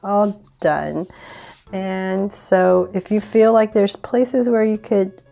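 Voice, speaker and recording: A woman's voice: mid-range voice, fairly even intonation, slow pace, vocal fry, mellow, soft background music. A woman hosting a casual drawing tutorial, chatty and giggly, often saying um and poking fun at herself. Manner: chatty, giggly, self-deprecating, many ums.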